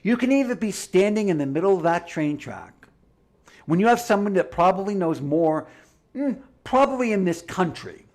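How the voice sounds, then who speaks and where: A man's voice: sits high, expressive, moderate pace. A man giving a heated, combative livestream monologue, full of swearing and sarcastic asides. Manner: profane, combative ranting. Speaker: livestream commentator.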